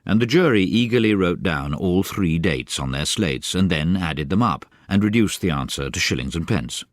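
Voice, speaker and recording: A man reading a children's novel aloud as an animated audiobook narrator. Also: deep voice, moderate pace, no room sound, studio quality. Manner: animated, varied storytelling. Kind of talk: expressive storybook narration.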